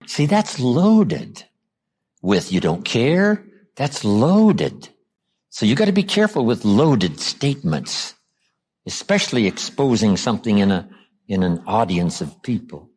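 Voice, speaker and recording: A man from the United States giving a motivational seminar talk, acting out quoted lines and dropping his voice low for emphasis. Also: very animated, a little slow, darkish tone, husky, soft background music. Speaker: motivational speaker.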